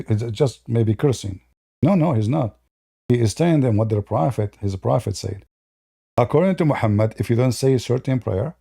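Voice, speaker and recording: A man's voice: mid-range voice, creaky, dark tone, breathy edge, no echo, clean studio sound. A man giving a casual, mocking monologue on religion in broken English, sarcastic throughout. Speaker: religion commentator.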